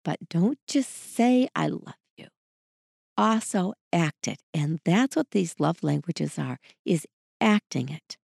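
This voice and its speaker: A woman's voice: slow pace, creaky, husky, no room sound, studio quality. A woman hosting a relationship advice show, talking expressively and acting out the lines she quotes. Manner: expressive, acts out quoted lines with varied pitch. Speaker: podcast host.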